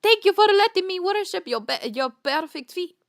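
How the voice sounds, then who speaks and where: A woman's voice: extremely high pitch, lively intonation, normal speed, vocal fry, voice pushed up, full character voice. A woman voicing an adoring, submissive female pony princess in an odd put-on accent, breathless and pleading.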